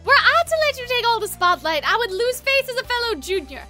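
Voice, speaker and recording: A woman's voice: very high-pitched, sing-song, a little fast, bright, forceful tone, faint music behind, voice pushed up, full character voice. A woman voicing a flamboyant, theatrical young man from a game, with a sing-song and grand delivery. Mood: gallant.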